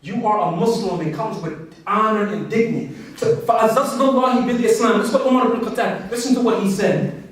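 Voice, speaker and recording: In a large, echoey hall, a man with a high-pitched voice races through a passionate, conversational religious talk, addressing his audience directly. The mic sits far away, so he sounds distant.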